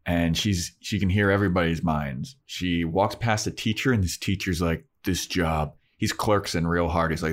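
A young man with a low voice co-hosts a casual podcast. He retells scenes in an animated way, slipping into the characters' voices and swearing freely. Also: normal speed, hardly any pauses. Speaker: podcast co-host. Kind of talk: casual chat recapping an episode.

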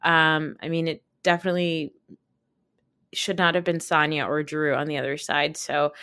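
A woman podcast host recapping a reality show in a casual, chatty way, with lots of fillers and quick asides. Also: sits low, little pitch movement, sharp tone, clear, resonant tone, dry recording, studio quality.

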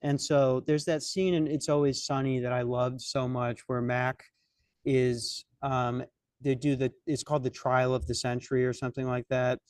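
A man's voice: medium pitch, little pitch movement, moderate pace, darkish tone, clean tone, no echo. Rambling, cussing young man, dry sound. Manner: rambling, profane, self-mocking. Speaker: podcast host. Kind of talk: comedic storytelling chat.

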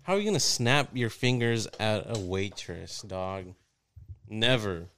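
Low-voiced man, heated and profane. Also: animated, measured pace, a bit bright, a little hiss or hum. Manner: heated, profane and blunt, joking. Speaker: podcast co-host. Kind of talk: casual podcast chat.

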